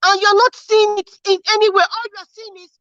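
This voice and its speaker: A young Nigerian woman rants about politics on her own vlog, angry and fiery, hammering one rhetorical question after another. Her voice sits high and sounds bright and sharp. The recording is dry and a little dull, like a lo-fi mic. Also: little pitch movement, a little fast, no echo. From Edo State, Nigeria. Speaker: political commentary host. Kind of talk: impassioned political rant.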